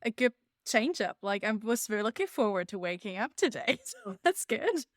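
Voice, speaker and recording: German-accented woman guest, easygoing and jokey, medium pitch, dry booth sound. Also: very animated, no echo. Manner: laughs often, quick to joke. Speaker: podcast guest, poet. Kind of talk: casual chat.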